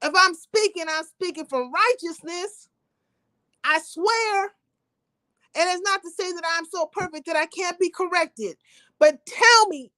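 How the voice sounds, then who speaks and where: A woman's voice: very high-pitched, sharp tone, no room sound. A woman hosting a livestream, talking to her viewers in an emphatic, profane, preachy way. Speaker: livestream host. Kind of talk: impassioned livestream rant.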